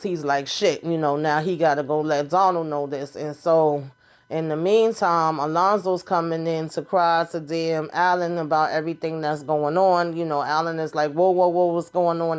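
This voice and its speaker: A woman with a low voice retells a TV episode in a sassy, animated way. She talks casually, full of slang and mild cursing, like chatting with a friend. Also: clean tone. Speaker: TV show recap host.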